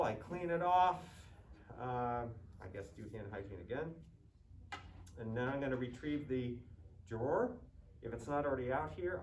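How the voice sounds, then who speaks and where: A male nursing student talks himself methodically through a practice medication round in a simulated hospital ward with a med cart, thinking aloud step by step as a narrated skills demonstration. His voice is medium-pitched and a little mellow, picked up far from the mic in a roomy recording with faint background noise.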